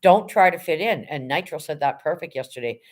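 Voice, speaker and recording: A woman's voice: deep voice, expressive, a little fast, a little mellow. A middle-aged woman chatting casually on a livestream, greeting her chat and speaking bluntly. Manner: blunt, no-nonsense. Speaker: live streamer greeting chat.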